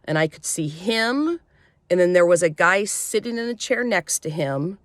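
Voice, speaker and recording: Low-voiced woman telling a personal story. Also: expressive, no room sound, studio quality. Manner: emotional, halting, with many restarts. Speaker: vlogger.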